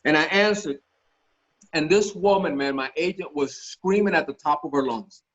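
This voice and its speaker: A man guest on a podcast telling stories in a casual, animated, profane way, acting out the voices of the people in them. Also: fairly high pitch, moderate pace. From Miami. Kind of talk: casual storytelling interview. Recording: dull lo-fi podcast audio.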